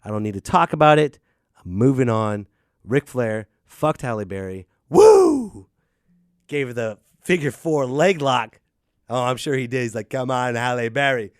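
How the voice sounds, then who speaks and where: A man hosting a solo podcast, ranting in an animated, jokey way. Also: mid-range voice, normal speed, no echo, clean studio sound. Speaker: podcast host. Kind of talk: casual solo podcast rant.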